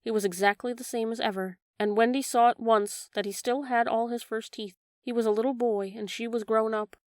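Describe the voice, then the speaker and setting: A woman reading a classic children's story aloud in a measured, gentle way. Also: fairly high pitch, steady tone, no room sound, clean studio sound. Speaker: audiobook narrator. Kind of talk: scripted narration.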